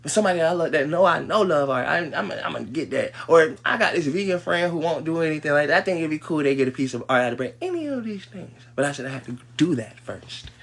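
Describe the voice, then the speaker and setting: A man's voice: animated, quick pace, creaky, hardly any pauses. Heated, profane man ranting on a livestream. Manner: heated, profane, swinging between low mutters and loud outbursts. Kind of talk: livestream rant.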